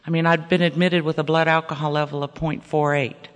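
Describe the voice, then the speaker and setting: A woman's voice: deep voice, level tone, fairly quick. A middle-aged woman giving a candid, wry personal testimony at a recovery meeting, often repeating words for emphasis. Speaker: recovery speaker sharing her story. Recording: echoey hall with long reverb.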